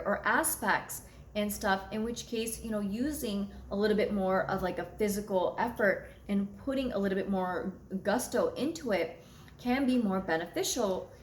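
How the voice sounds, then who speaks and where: A woman's voice: mid-range voice, a little hiss or hum. A woman talking frankly and casually to her viewers, blunt and unafraid to swear, recorded in an echoey room. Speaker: astrology content creator. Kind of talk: candid conversational monologue.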